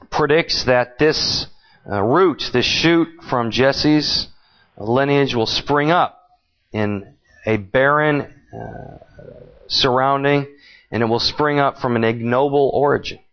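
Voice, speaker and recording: A man preaching a Bible teaching sermon, slow and deliberate, pausing often on "uh". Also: medium pitch. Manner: slow and deliberate, with frequent uh pauses. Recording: dull lo-fi recording.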